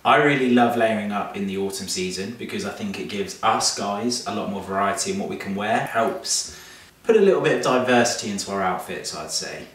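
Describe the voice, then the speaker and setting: A man's voice: on the low side, fairly quick, a bit bright, very echoey, far from the mic, slight background noise. A man hosting a casual chat to camera at home, joking and laughing often. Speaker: vlog host. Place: home room.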